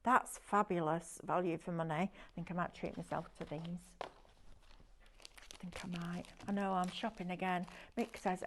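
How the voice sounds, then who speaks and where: A woman's voice: on the low side, fairly even intonation, moderate pace, slight background noise. A woman presenting a live shopping show, chatty and gushing as she praises each product. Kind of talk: live sales demonstration.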